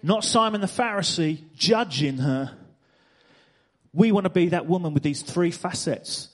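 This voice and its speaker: A man preaching from a church stage, his voice sitting notably high for a man. He drives his points home by repeating phrases and pressing the congregation with rhetorical questions. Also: animated, a little slow. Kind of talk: sermon.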